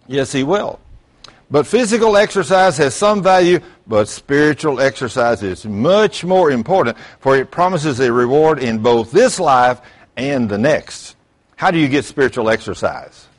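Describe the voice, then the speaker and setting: An older male pastor delivers an animated sermon, his pitch leaping up and dropping low as he goes. He mixes folksy family stories with rhetorical questions and the odd sudden whoop. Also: normal speed. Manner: folksy storytelling.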